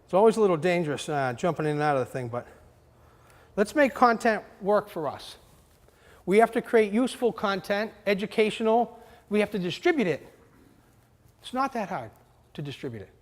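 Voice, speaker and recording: A man with a high voice leads a live workshop in a large hall, talking with energy and often checking in with the room. His words ring out with a long reverb behind them. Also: a little fast, pauses often. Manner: energetic, asks the audience questions. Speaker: marketing seminar presenter.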